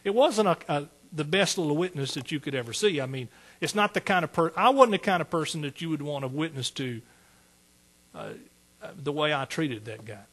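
A husky-voiced older man preaching a sermon. His voice sits a little high for a man, and his talk moves between quiet, halting testimony and fervent, rising exhortation. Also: expressive.

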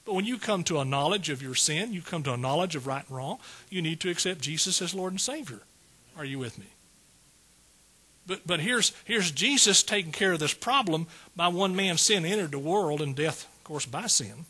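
A man preaching a sermon in a high, bright voice with a husky grain. His delivery is folksy and conversational, and he keeps checking in with the listeners. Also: normal speed. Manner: folksy, calls out to the congregation.

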